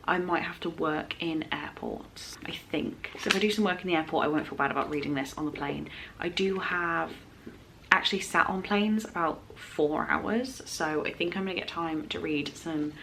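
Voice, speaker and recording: A woman's voice: sits low, normal speed, creaky, fairly bright tone, slight background noise. A woman chatting casually in a book vlog at home, rambling with fillers and self-corrections. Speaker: book vlogger. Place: home, indoors.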